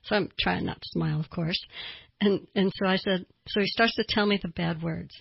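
An older woman from the American South, hosting a radio talk show as a therapist, chatty and quick to laugh. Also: fairly low pitch, steady tone, vocal fry, slightly rough, no room sound, lo-fi sound. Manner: chatty, storytelling, laughs easily.

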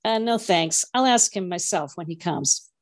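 A woman's voice: fairly low pitch, lively intonation, moderate pace, lightly acted. A woman voicing a shy, hopeful teenage girl who speaks eagerly and a little breathlessly.

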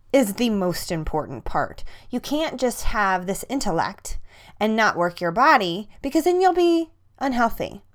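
Earnest woman talking mind body and spirit on her podcast, emphatic, says stuff twice for effect. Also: mid-range voice. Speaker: podcast host, fitness coach. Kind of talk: personal motivational monologue.

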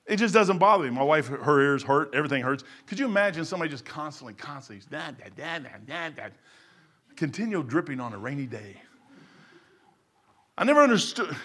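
Man, middle-aged, preacher, sermon, folksy and emphatic, bright, slightly high. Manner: folksy, emphatic, swings from loud to low.

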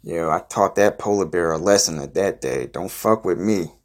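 A young man with a very low voice spins a ridiculous boastful story for his podcast. He talks in a loose, rambling deadpan, full of swearing and fillers. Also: moderate pace. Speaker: podcast host.

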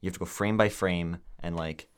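A young man co-hosting a podcast, chatting casually and telling animated stories full of fillers. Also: low voice, a little fast, clean tone. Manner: animated storytelling with lots of fillers. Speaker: podcast co-host. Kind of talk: casual chat.

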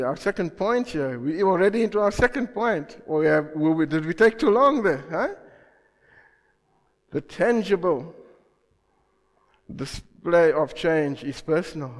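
A man preaching a sermon who keeps asking his congregation questions and swings between loud emphasis and quiet asides. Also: on the high side, expressive, moderate pace, big-room sound. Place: church.

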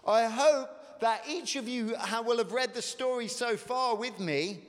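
A man's voice: very high voice, a little slow, hardly any pauses, fairly bright tone, in a large hall. A man preaching a conversational sermon in church, with hesitant fillers and rising emphasis.

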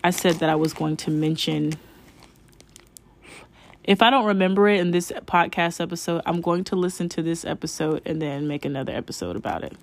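A woman's voice: fairly low pitch, brisk. A young woman hosting a casual spiritual podcast, rambling with many fillers and restarts and calling her listeners "y'all". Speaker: podcast host.

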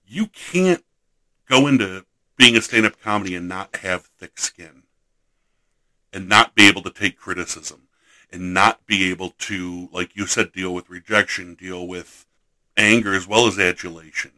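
A man's voice: deep voice, moderate pace, sharp tone, poor audio. An American man hosting a casual interview, teasing and jokey, full of enthusiasm. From United States.

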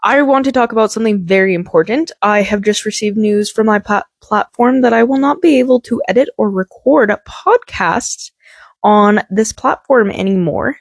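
A woman's voice: mid-range voice, no echo. A young woman hosting her own podcast, talking candidly and bubbly into a small microphone, swearing freely. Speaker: podcast host. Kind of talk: casual solo podcast monologue.

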